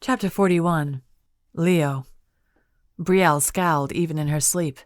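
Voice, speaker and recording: A woman with a low voice reading a fantasy audiobook in the first person. Her delivery is measured and expressive. The recording is close and dry. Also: dry recording. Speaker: audiobook narrator. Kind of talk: scripted audiobook narration.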